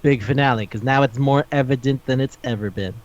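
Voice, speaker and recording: A brisk, medium-pitched man co-hosts a casual podcast, swearing and ranting in exasperation while he works through a manga and acts out quotes from it. The audio is dull lo-fi.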